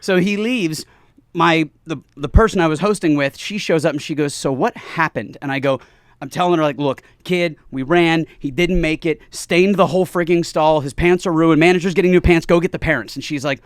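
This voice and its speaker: A man telling a story in casual chat, animated, acting out the voices and laughing often. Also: on the high side, a little fast, no echo, clean studio sound. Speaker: show guest telling a story.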